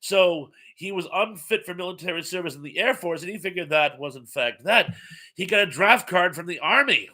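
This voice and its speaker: Congested man hosting a live chat, rambling and friendly in manner, bright and somewhat high. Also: animated, moderate pace. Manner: chatty, rambling, reads viewer comments aloud. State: stuffed up, congested. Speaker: host of a live chat stream. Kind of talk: casual live-stream chat reading comments.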